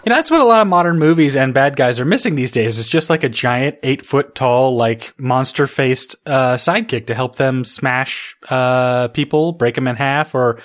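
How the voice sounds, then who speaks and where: A man's voice: medium pitch, animated, moderate pace, few pauses. A man co-hosting a casual film podcast, joking and amused as he chats about the movie. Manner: amused, joking, laughs often. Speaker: podcast co-host. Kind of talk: casual film recap chat.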